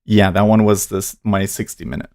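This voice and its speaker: A man with a fairly low, darkish voice hosts a live day-trading stream, speaking at a moderate pace with fairly even intonation. The recording is dry and studio quality. He rambles casually, pokes fun at himself, and reads viewer comments aloud.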